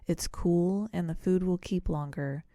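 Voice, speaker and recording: A woman voicing a calm, composed, mysterious male guardian. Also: on the low side, unhurried, no room sound, studio quality, natural voice.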